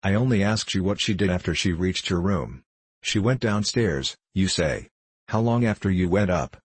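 A man's voice: sits low, moderate pace, breathy edge, dry recording. A man voicing a stern, impatient male coroner who questions curtly, in a storybook reading. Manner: curt, sharp questioning.

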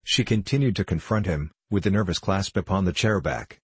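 Low, husky male audiobook narrator. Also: a little fast, no room sound. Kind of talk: scripted narration.

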